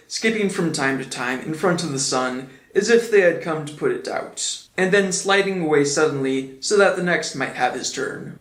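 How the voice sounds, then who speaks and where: A man narrates a children's story in a gentle, measured way. His voice sits a bit high for a man. The room around him sounds roomy and echoey. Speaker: audiobook reader. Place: indoor room, on camera. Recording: roomy echo.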